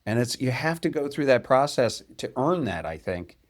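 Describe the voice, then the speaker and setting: A man's voice: mid-range voice, very animated, moderate pace. A man hosting a podcast, talking casually and working through his ideas step by step. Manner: thoughtful, explains ideas step by step. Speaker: podcast host. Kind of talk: casual conversational interview.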